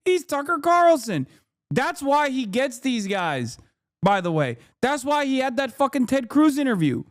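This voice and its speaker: A man's voice: extremely high pitch, very animated, normal speed, no room sound, clean studio sound. A man streaming, reacting to a debate clip with profane, sarcastic commentary.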